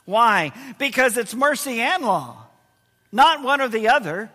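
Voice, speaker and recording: A man preaching a sermon as pastor, slowing down to stress key words and letting his voice fall low and quiet at times. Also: sing-song. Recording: long hall reverb.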